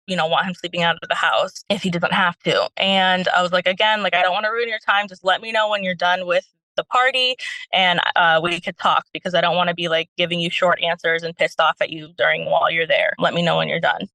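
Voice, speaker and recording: A woman's voice: on the low side, fairly even intonation, a little fast, sharp tone, no room sound, low-quality recording. A young woman calling in as a stay-at-home mom, telling her story in a rambling way with many fillers. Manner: rambling, lots of fillers, retells quotes.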